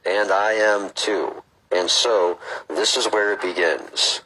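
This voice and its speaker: A man reading as a calm, gentle AI presence. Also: fairly low pitch, slow pace, a little hiss or hum, voice pushed up, rough recording. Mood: serene. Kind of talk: reading a book aloud.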